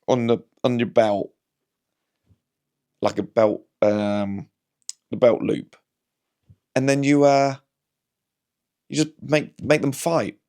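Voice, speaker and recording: A man's voice: mid-range voice, a little mellow. A man talking casually to camera at home, chatty and wry, often trailing off and restarting. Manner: chatty, wry, self-interrupting. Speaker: comedian vlogger. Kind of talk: casual rambling monologue.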